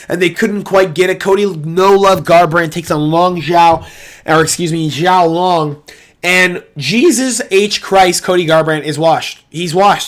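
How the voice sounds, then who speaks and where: Brief: young male host, somewhat high voice, cursing, bursts loud then drops to mutters, casual monologue. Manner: profane, excitable, swings from loud outbursts to muttering. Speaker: MMA reaction host. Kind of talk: casual fight breakdown monologue.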